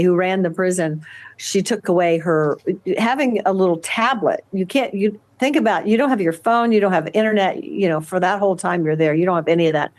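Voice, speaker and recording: An older woman speaks as an interview guest in a somewhat low voice. She talks haltingly, with frequent fillers and restarts as she recounts things. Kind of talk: conversational interview.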